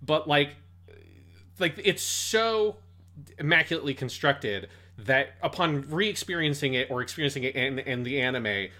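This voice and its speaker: A man's voice: mid-range voice, animated, moderate pace, bright, forceful tone. A man co-hosting a casual podcast about anime, talking enthusiastically with frequent swearing and restarts. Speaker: podcast co-host.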